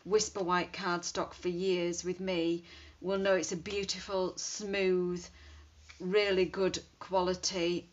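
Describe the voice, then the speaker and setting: A woman's voice: fairly low pitch, level tone, takes it slowly. Chatty woman demonstrating crafts. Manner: chatty, thinking aloud while working. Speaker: card-making demonstrator. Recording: dull lo-fi sound with faint hiss.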